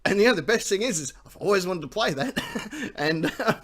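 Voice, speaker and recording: With a high, slightly bright voice and lively intonation, this Australian quiz host speaks at a moderate pace. He keeps the live banter casual, joking, laughing often and swearing freely.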